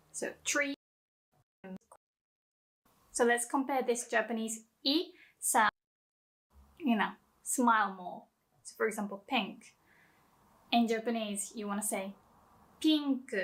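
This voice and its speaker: Slow, careful woman teaching pronunciation. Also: fairly high pitch. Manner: slow, careful, demonstrates sounds for repeating. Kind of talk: pronunciation lesson.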